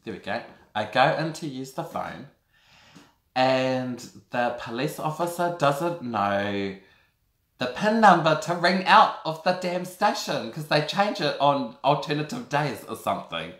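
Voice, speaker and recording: A New Zealand vlogger in his 30s tells a personal story to camera in an animated, camp, theatrical way, calling his audience girl and darlings. His medium-pitched voice is a little slow, and the room sounds echoey.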